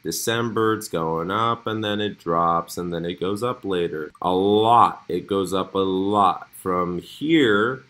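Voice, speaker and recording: A man hosting a cryptocurrency channel, talking casually through price charts with animated, swinging emphasis. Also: slow, hardly any pauses. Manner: animated, lively pitch swings. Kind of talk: casual commentary over charts.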